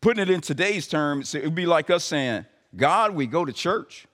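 Recorded live in a reverberant hall, a pastor preaches conversationally to his congregation, punctuating it with emphatic rising calls. His voice is on the high side, animated and fairly bright, at a moderate pace.

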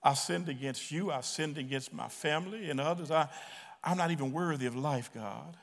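A man voicing an ashamed male drunkard who quietly pleads with God for mercy. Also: on the high side, normal speed, creaky, big-room sound. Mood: pleading. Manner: quiet, humble, mumbling.

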